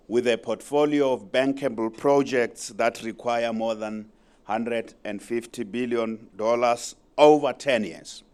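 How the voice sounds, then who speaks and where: A middle-aged South African man giving a formal public speech as a provincial premier, measured and emphatic, repeating his key points. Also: mid-range voice.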